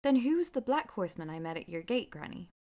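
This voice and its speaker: A woman's voice: medium pitch, big pitch swings, fast, warm tone, natural voice. A woman reading aloud, voicing a timid, polite young girl in a storybook. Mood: pleading.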